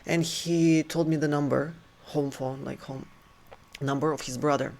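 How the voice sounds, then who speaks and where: A man telling a personal story in an earnest, halting way, often restarting his sentences. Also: fairly high pitch, fairly even intonation, a little mellow. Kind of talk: personal story told to camera.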